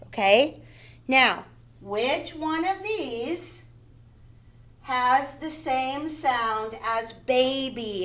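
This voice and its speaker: A woman teaching young children to read, speaking at a slow, deliberate pace. Her voice sits fairly high, and she repeats each word and sounds out its syllables with care. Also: a bit bright, rough recording. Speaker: first grade teacher. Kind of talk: phonics lesson for young children.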